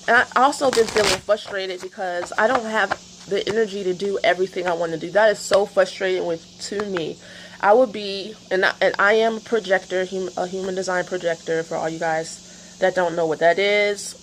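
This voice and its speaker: A woman's voice: mid-range voice, fairly even intonation, a little fast, background noise. A woman chatting casually in a rambling vlog before a tarot reading, with many fillers. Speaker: tarot reader.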